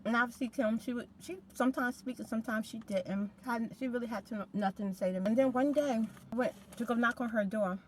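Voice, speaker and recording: A woman's voice: on the high side, a little fast, few pauses, a little hiss or hum. A middle-aged woman hosting a storytime, talking casually in a rambling, conversational way. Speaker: ASMR storytime host.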